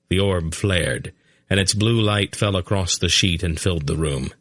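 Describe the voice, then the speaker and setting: Deep-voiced male audiobook narrator. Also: moderate pace, fairly bright tone, no echo, clean studio sound. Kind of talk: scripted fantasy narration.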